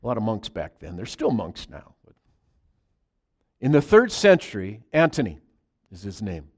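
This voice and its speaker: A man preaching a conversational sermon, moving between loud, emphatic scripture reading and quiet asides to his congregation. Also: fairly low pitch, wildly swooping pitch, normal speed. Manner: chats with the congregation. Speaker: pastor.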